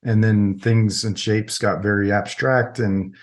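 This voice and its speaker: Low-voiced middle-aged man telling a story. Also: steady tone, unhurried. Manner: rambling, heavy with filler words. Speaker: podcast guest, military veteran. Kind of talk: casual interview storytelling.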